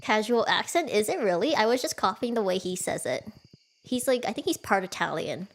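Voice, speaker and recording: With lively intonation and a slightly fast pace, a woman with a medium-pitched voice streams a cozy farming game from home. She keeps up casual, giggly chatter with her viewers and often teases herself.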